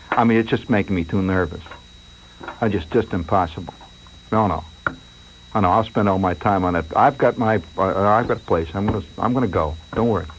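A man's voice: lowish voice, slight background noise, low-quality recording. A man hosting a late-night radio show, telling a rambling story in a mock-anxious way and asking listeners to call in.

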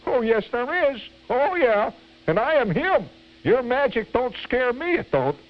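A man voicing a bratty young boy in a shrill, whiny voice, on a dull lo-fi radio recording. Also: sing-song, a little slow, heavily acted. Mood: defiant.

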